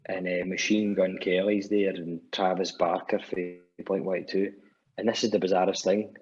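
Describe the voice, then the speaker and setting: A man's voice: sits low, flat delivery, moderate pace, a little mellow, slightly rough. A Scottish man, a musician guest, telling stories in casual chat, swearing freely and restarting often. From Scotland. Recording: dull lo-fi podcast audio.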